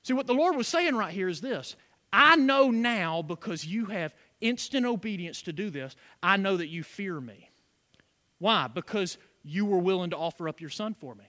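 A man's voice: high voice, animated, moderate pace, pushed and bright. A man preaching a sermon as pastor, with call-and-response asides to the congregation.

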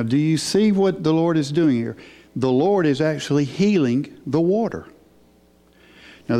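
A man preaching a sermon in an unhurried, emphatic way, asking his listeners questions. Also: mid-range voice, warm tone. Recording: hall with long reverb.

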